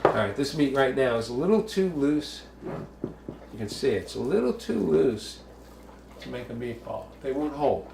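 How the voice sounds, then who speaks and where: A man's voice: mid-range voice, sing-song, unhurried, gravelly, roomy sound, recorded from a distance, noisy background. A man from the Bronx, hosting a casual home cooking show, chatty and jokey with bawdy asides. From the Bronx, New York.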